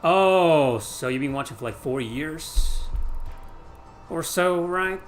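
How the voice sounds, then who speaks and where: Excitable higher-pitched streamer. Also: male voice, slow pace, faint music behind. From Mexico. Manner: excitable, swears, shouts at the game. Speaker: gaming streamer. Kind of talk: live gameplay commentary chatting with viewers.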